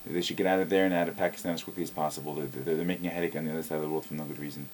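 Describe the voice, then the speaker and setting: A man's voice: very deep voice, steady tone, rapid-fire, darkish tone, slight background noise. A man giving a blunt, opinionated video reply to a viewer, often repeating words as he starts a sentence. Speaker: video blogger answering a viewer. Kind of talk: casual spoken video reply.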